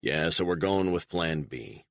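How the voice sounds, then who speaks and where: A cold, controlled operative voiced by a man in a spy audiobook, speaking in low, curt commands. The voice is deep and steady. The recording is dry and close. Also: measured pace, dry recording. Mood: stern.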